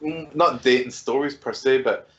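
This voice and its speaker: A man's voice: mid-range voice, moderate pace, a little hiss or hum. Man, jokey banter, slightly dull sound. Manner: joking banter. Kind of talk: casual stream chat. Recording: slightly muffled mic.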